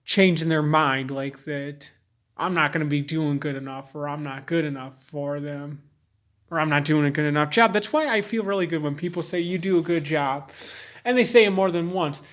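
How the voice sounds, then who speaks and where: A young man talking candidly to camera in a rambling, halting way, full of fillers and restarts. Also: a little high, steady tone, a bit bright. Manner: earnest and candid. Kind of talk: personal vlog monologue.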